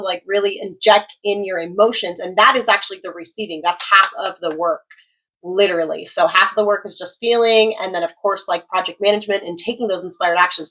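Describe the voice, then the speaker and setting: A woman's voice: medium pitch, fairly bright tone. Woman tarot reader, loose casual chat, lots of likes and ums, laughs and swears. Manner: chatty, filler-heavy, giggly, swears freely.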